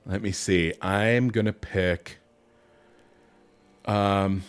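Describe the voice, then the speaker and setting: A middle-aged man hosting a casual gameplay stream, talking excitedly, swearing and laughing. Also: on the low side, extremely slow, clear, resonant tone. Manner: animated, swearing, bursts of laughter, reading aloud. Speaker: streamer host.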